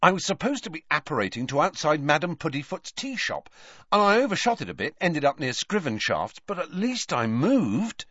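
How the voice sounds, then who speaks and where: A man's voice: fairly high pitch, big pitch swings, moderate pace, a bit bright, husky, no echo, voice pushed up, exaggerated voice. A man voicing a cheeky, boastful teenage boy in an audiobook reading. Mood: excited. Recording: dull dry audiobook recording.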